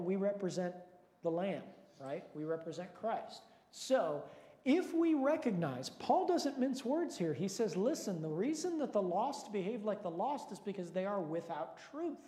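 A pastor with a high, slightly mellow voice leads a Bible study, mixing prayer, teaching and questions to the group in an earnest, lightly joking manner. It is recorded in a large hall, so the sound is echoey with long reverb.

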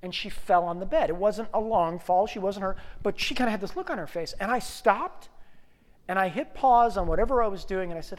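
Animated pastor in a reverberant hall. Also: male voice, high voice, a little fast. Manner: animated storytelling, rising to loud bursts and dropping to soft prayer. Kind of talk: sermon. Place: church sanctuary. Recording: long reverb of a church hall.

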